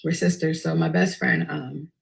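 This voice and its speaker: A woman, telling a personal story in a profane, intense and animated way. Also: sits low, moderate pace, vocal fry, slight background noise. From Queens, New York. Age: early 20s.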